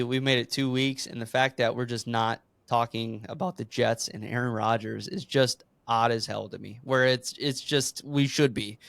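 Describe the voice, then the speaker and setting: A man's voice: medium pitch, fairly bright tone, no echo. A young man co-hosting a casual sports podcast, laid-back, chiming in often and laughing easily. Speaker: podcast co-host.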